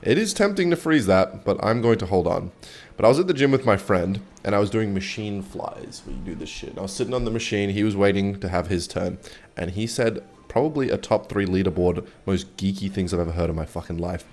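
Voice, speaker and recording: A man's voice: deep voice, fairly quick, a little mellow. A young man giving casual, rambling gameplay commentary and swearing freely as he chats. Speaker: gaming video host.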